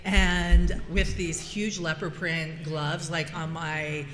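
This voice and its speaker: A woman voice actress telling a lively story at a convention panel, laughing often. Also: deep voice, slow pace, roomy sound.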